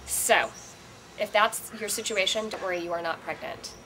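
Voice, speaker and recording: A middle-aged woman talks through advice in a calm, reassuring, motherly way, laying things out step by step. Her voice sits at an ordinary pitch, and a steady hiss of background noise runs under the home recording. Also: moderate pace. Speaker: co-host giving advice. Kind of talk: casual advice chat.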